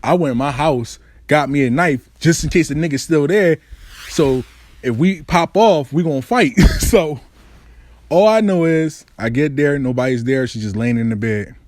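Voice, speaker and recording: A man's voice: moderate pace, no room sound. A man hosting his own show, telling a personal story in a profane, slangy monologue. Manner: animated, swings between high and low registers; swears freely, slangy.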